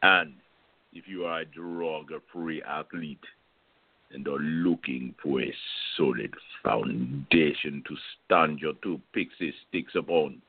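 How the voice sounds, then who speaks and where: Radio host, man, very deep slow delivery, joking and rambling over a tinny phone line. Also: husky, dry recording. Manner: playful, rambling and jokey. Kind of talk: casual radio talk.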